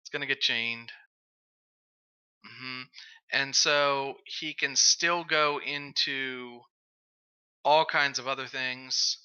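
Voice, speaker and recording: A man casting a card game match, calling the plays in quick bursts that build to big moments. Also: mid-range voice, fairly even intonation, pushed and bright, smooth, muffled recording. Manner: rapid play-by-play, builds up to big calls. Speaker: esports caster. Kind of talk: excited game commentary.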